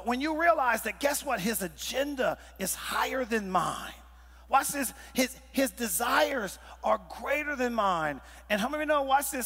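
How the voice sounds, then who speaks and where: A man's voice: high voice, gravelly, fairly bright tone, husky, big-room sound. A man preaching a call-and-response sermon, prompting the congregation and repeating phrases for emphasis. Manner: preaching with frequent crowd prompts, emphatic repetitions. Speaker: pastor. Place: church sanctuary.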